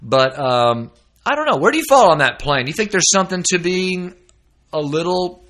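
A man's voice: high voice, moderate pace. A man hosting a casual chat with a fellow musician, telling stories and acting out the voices of the people in them. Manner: animated storyteller, acts out quoted voices. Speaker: host. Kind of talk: casual conversation between musicians.

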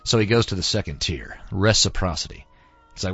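A man's voice: deep voice, brisk, fairly bright tone, husky. A man, a student, casually retelling a film with lots of fillers, in a dull, lo-fi recording with faint music. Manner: rambling, many fillers.

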